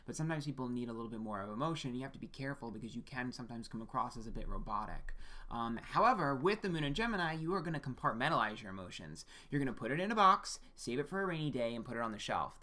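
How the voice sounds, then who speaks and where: A man with a bright, sharp-edged voice talks his way through a personal birth chart reading. He speaks plainly and directly to one listener, with an easygoing, frank delivery that often checks in with "okay?" and lets a curse word slip. His voice sits at an ordinary male pitch. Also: expressive, fast talker. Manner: frank, with occasional swearing. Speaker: astrologer.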